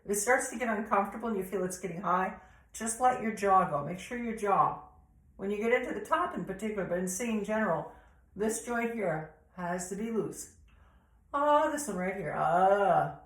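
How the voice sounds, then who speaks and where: A woman with an American accent leading a vocal warm-up lesson, explaining patiently and breaking into sung vowel demonstrations. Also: medium pitch, lively intonation, fairly quick, reverberant, low-quality recording. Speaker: vocal coach.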